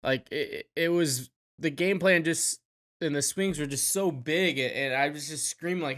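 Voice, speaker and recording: Man on a sports podcast, slightly high voice, animated, curses, casual chat. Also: moderate pace. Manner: animated, swears freely, trails off and restarts. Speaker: podcast co-host.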